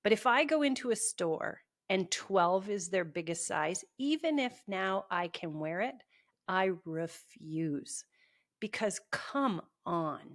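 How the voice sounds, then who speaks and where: A woman's voice: medium pitch, animated, slow pace. A woman with a Canadian accent co-hosting a podcast, blunt and teasing in casual chat. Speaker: podcast co-host.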